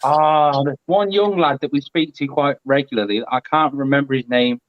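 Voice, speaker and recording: A man's voice: medium pitch, moderate pace, dry recording, dull audio. A man chatting casually and animatedly on a live stream over a video call. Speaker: guest.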